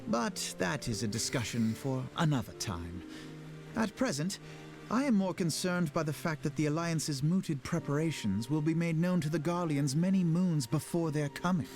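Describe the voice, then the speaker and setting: Young game diplomat, crisp, wry, well-spoken, soft music behind. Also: male voice, a little high, lively intonation, moderate pace. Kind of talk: game cutscene voice acting.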